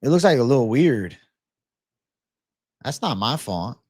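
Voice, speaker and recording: A man with a medium-pitched, sing-song, darkish voice speaks unhurriedly in a studio-quality recording with no room sound. He hosts a live betting-picks stream, rambling, swearing freely, and flaring into angry rants.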